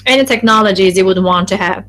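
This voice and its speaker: A woman interpreting a focus group live, in a halting delivery full of restarts and self-corrections. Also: medium pitch, a bit bright, soft background music, rough recording.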